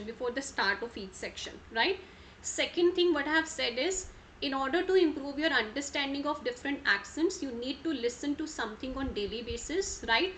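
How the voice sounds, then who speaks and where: A woman with an Indian English accent leads a live online lesson in a high, bright voice. She repeats her points and keeps checking in with students by name, dropping into Hindi now and then. A faint hum of ambience sits under the voice. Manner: switches into Hindi mid-sentence. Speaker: IELTS trainer.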